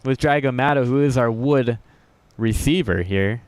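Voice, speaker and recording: An esports commentator with a mid-range voice calls a video game match at normal speed, offering upbeat, jokey play-by-play, chuckling often and poking fun at himself.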